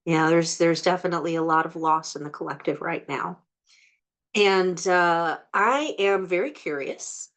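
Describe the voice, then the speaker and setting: A woman hosting an energy healing group on a video call. She intones blessings slowly and earnestly, then chats warmly with many "like"s. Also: fairly low pitch. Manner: slow, earnest incantation, then chatty with many "like"s. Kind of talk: guided healing invocation and group chat.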